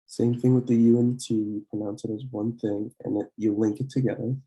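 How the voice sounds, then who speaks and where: Young guy teaching a french lesson, flat and dark voice, stops to clear his throat a lot. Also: fairly low pitch, poor audio. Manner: clears throat often, pauses to correct himself; slow, repeated pronunciation drills. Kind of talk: slide-based language lesson.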